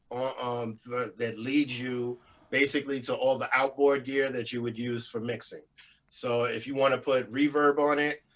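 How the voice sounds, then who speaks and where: A middle-aged former studio engineer tells his story in an interview. His voice has a bright edge. He explains technical steps patiently and drops casual slang as he goes. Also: medium pitch. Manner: relaxed, explanatory, laid-back slang.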